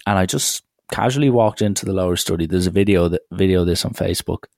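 Young man with a deep, gravelly voice, dry and close, casual rambling anecdote. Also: fast talker, darkish tone, no echo. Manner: wry, rambling storytelling with acted quotes. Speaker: storyteller.

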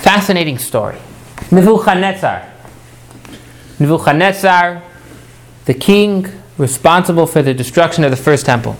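A man's voice: fairly high pitch, expressive, moderate pace, pauses often. A man teaching a Torah class, often repeating words as he starts and putting questions to his listeners.

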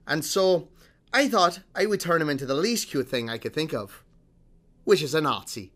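A man's voice: on the high side, expressive, moderate pace, fairly bright tone, voice pushed up. A man voicing a cheeky young Scottish man with a mock Scottish accent, as an amateur impression. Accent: Scottish (put on).

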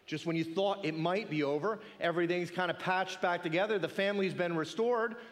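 A man preaching a sermon in an animated, conversational way, often asking rhetorical questions. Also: high voice, a little fast, in a large hall.

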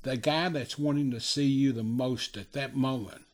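A man's voice: mid-range voice, fairly even intonation, moderate pace. A man hosting a casual interview and prompting his guest for stories.

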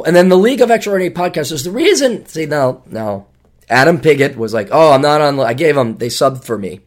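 A man from Minnesota hosting his own podcast, talking casually in a sarcastic, ranting way and swearing freely. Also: a little high. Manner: mocking voices when quoting people. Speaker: podcast host. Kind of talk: casual solo podcast monologue.

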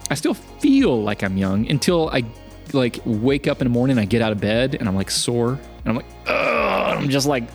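A man's voice: mid-range voice, brisk, faint music behind. A man in early middle age co-hosting a podcast, telling self-deprecating stories in casual chat and acting out the people in them. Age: young adult. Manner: storytelling, self-deprecating, animated impressions. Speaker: podcast co-host.

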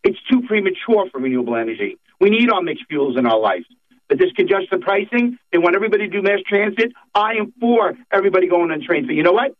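A man's voice: high voice, very animated, quick pace. A middle-aged man, a political guest on a talk show, speaking in a fired-up, emphatic, repetitive way. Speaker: state senator guest. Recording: tinny phone line.

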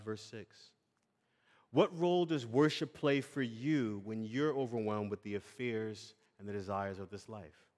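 A man preaching a sermon earnestly, asking his listeners questions and moving between quiet and raised passages. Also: medium pitch. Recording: long hall reverb.

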